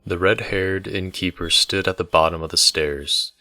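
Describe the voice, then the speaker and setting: Man narrating a novel; low and bright, steady, dry close sound. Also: normal speed, no room sound. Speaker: book reader. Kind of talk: audiobook narration.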